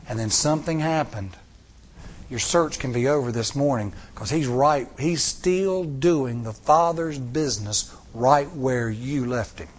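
A man's voice: medium pitch, slight background noise. Middle-aged man preaching a sermon. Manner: preaching with rhetorical questions and rising emphasis. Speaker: pastor.

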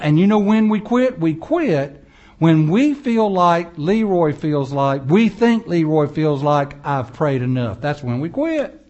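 A man preaching a sermon, animated and conversational, acting out people's prayers and mocking voices as he goes. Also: sits high, a little slow, lo-fi sound. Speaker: pastor.

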